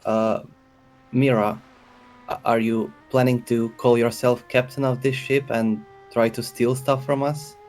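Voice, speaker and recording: A young man playing a ship captain at a tabletop game, stammering and gruff. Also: medium pitch, flat delivery, measured pace, darkish tone, soft background music. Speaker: player. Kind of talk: in-character roleplay.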